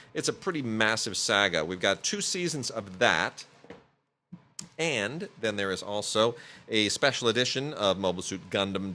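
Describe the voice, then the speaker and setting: A man's voice: low voice, pushed and bright. A man hosting a podcast, chatting casually through home video reviews with plenty of fillers and restarts. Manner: rambling, many fillers and restarts.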